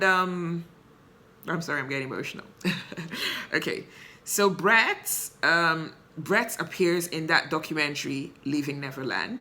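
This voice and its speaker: A woman's voice: low-pitched, sharp tone. A woman hosting her own show, giving impassioned commentary with emphatic rhetorical questions. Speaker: show host. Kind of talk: opinion commentary to camera.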